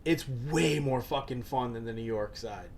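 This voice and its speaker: A man co-hosting a casual podcast, talking in a relaxed way and swearing freely. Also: mid-range voice, normal speed. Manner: laid-back, swears freely. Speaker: podcast co-host. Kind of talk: casual crude podcast banter. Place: indoor room, video podcast.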